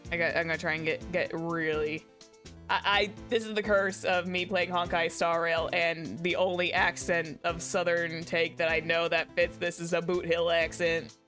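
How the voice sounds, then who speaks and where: Young woman streamer, giggly and self-conscious, loud game music under her. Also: lowish voice, level tone, unhurried. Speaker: VTuber streamer. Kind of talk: casual gameplay commentary.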